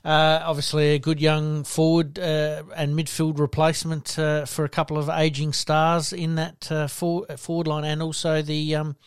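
Australian male host, slightly high, smooth clear voice, dry close mic. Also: moderate pace, few pauses, no room sound. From South Australia. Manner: relaxed, frequent "uh" fillers. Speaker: podcast host. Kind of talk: casual sports chat.

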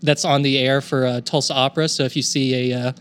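A man's voice: mid-range voice, flat delivery, quick pace, a bit bright, clean tone. A man chatting as a podcast guest, hesitant and self-deprecating. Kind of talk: casual chat.

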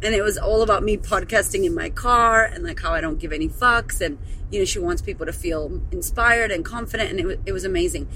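A woman podcast host talks in a casual, gushing monologue, emotional and quick to swear. Her voice sits in a middle register, and a faint hiss of noise runs under it. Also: mid-range voice, sharp tone. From Melbourne area. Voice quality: profane, gushing, emotional storyteller. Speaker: podcast host and confidence coach.

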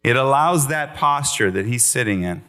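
A man preaches a sermon in an earnest, animated way and breaks into playful asides. His voice sits in the middle range. A faint electrical hum runs under it. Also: mid-range voice, moderate pace.

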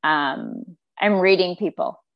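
Lively woman telling animal stories. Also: lowish voice, slow pace, no room sound, lo-fi sound. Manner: animated storyteller, acts out quoted voices. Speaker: podcast guest. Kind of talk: casual conversation.

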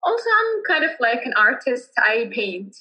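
A young woman with a Yemeni Arabic accent speaks English as a second language. Her voice sits a little high and rings bright. She answers in a halting, casual way, full of fillers and restarts. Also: big pitch swings, rough recording. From Yemen, Hadramaut. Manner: hesitant, many fillers and restarts. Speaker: interviewee, cultural entrepreneur.

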